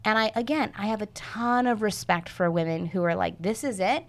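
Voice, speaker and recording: Woman, thirties, podcast guest, lively storyteller, casual chat. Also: medium pitch, normal speed. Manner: animated storyteller, acts out quoted voices. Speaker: podcast guest, fitness coach.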